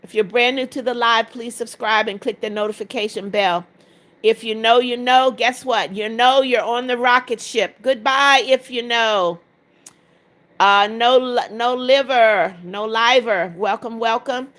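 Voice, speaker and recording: Lady streamer reading chat out loud, kinda high voice, blunt answers, prays for ppl. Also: steady tone, unhurried. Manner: reads viewer comments aloud, prays over requests, firm and direct. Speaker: livestream host. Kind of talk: casual livestream chat reading comments.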